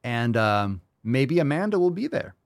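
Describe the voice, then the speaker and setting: A man's voice: mid-range voice, a little slow, no echo, studio quality. A man hosting a casual livestream podcast, reading viewer comments with crude, sarcastic jokes and a lot of swearing. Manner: animated, reads viewer comments aloud. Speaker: podcast host.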